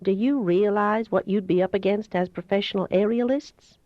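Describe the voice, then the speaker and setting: Woman reading a soft-spoken Southern doctor. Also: mid-range voice, normal speed, no room sound, close to an everyday voice. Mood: coaxing. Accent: slight Southern US. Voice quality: soft, melodious, hypnotic. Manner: calm, coaxing, gently teasing. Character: kind older male doctor, gentle and persuasive. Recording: dull, dry home recording.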